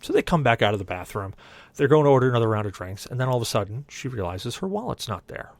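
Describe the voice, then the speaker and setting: A young adult man co-hosting a podcast tells a long story in casual chat, animatedly acting out other people's lines in quoted dialogue. His voice is medium-pitched and quick, and the recording is dry.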